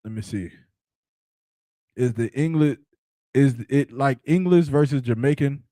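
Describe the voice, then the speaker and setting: A man's voice: mid-range voice, measured pace, dark tone, no echo. A man hosting a podcast, talking loosely in slang and joking around with his co-hosts. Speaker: podcast host. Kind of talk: casual podcast chat.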